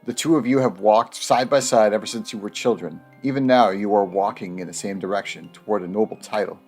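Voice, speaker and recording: A man's voice: lowish voice, brisk, a little mellow, faint music behind. Man narrating a story game with laughs. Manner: reads narration, breaks off into laughter and jokes. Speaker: gamer reading the game text aloud. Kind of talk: let's play narration and banter.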